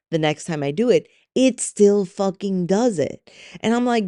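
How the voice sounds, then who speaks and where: In her casual solo podcast monologue, a middle-aged woman speaks frankly and in exasperation, cursing freely as she lets off steam. She has a warm, mid-range voice at a moderate pace, recorded dry at studio quality.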